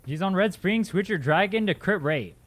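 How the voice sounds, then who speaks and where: Male streamer, high and lively voice, sarcastic and exasperated with chat. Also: moderate pace. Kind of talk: live game stream commentary.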